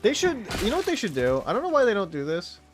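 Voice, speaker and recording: A man's voice: high voice, wildly swooping pitch, fast talker, over music. Rambling young male game streamer. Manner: rambling, crude, giggly. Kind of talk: casual chat while streaming a game.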